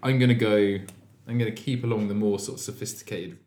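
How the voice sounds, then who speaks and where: A man's voice: fairly low pitch, steady tone, fast, darkish tone. A man co-hosting a podcast in casual chat, easygoing and hesitant, with many fillers. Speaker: podcast co-host. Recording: roomy echoey room.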